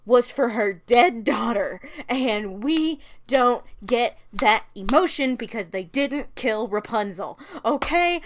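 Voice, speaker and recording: A woman's voice: on the high side, fairly bright tone. A woman hosting her channel, answering fan questions in a casual, opinionated rant and laughing often.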